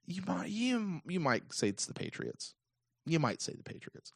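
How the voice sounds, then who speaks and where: A man's voice: sits high, normal speed, creaky, no room sound, clean studio sound. Emphatic man hosting a sports podcast. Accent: American. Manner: animated, repetitive, emphatic rant. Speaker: podcast host. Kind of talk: casual call-in sports podcast.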